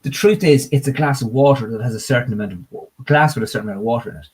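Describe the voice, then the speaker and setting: A man speaking as a coach in a conversational interview, an animated storyteller. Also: mid-range voice, very fast, husky. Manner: animated storyteller, tells parables with acted villager voices. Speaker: guest coach.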